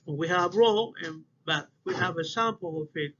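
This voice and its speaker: A man giving a class presentation on word stress, in halting English that repeats words as he goes. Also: high-pitched, fairly bright tone, breathy edge. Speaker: student presenter. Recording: dull lo-fi recording with faint noise.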